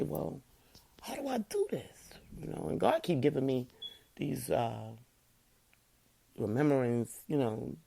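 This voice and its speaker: Very deep, gravelly-voiced woman talking casually. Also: dark tone. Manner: emphatic, repeats "you know" often. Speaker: online show host. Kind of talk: casual heartfelt talk to viewers.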